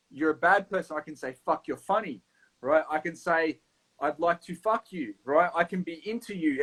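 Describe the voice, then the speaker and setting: A blunt Australian man with a fairly high voice talks in a loose round table chat. He swears freely and keeps the delivery animated. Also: poor audio. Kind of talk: casual chat.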